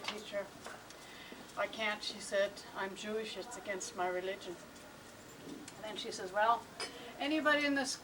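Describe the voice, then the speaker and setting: A woman telling a joke at a family birthday party, giggling and laughing through the punchline. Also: mid-range voice. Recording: distant home camcorder, noisy room.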